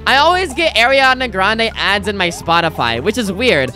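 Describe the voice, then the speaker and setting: Chatty young woman streamer, lively pitch. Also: normal speed, faint music behind. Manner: rambling, self-interrupting, chatty. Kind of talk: casual gameplay commentary.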